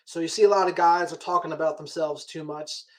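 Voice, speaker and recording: Man giving relaxed dating advice. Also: fairly high pitch, brisk. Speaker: host. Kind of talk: casual interview chat.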